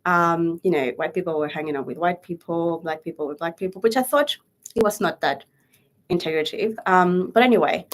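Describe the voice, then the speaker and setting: A young Chilean woman speaking English with a Spanish accent, her pitch a touch on the low side. She chats easily as an interview guest, laughing often and filling pauses with lots of ums. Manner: chatty, laughs often, many fillers. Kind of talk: casual interview chat.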